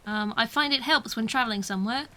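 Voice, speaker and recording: Woman, British accent, young adult, casual gameplay commentary, self-mocking, high voice. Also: quick pace, pushed and bright. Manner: chatty, self-mocking, laughs often. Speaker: streamer.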